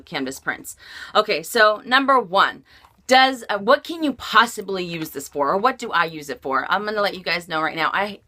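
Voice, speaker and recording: A woman vlogger with a sore throat, chatting casually about a handbag she owns and filling pauses with lots of "uh"s. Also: on the low side, pushed and bright. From United States. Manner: chatty, many "uh" fillers. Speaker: beauty and fashion vlogger. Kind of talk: casual product review to camera.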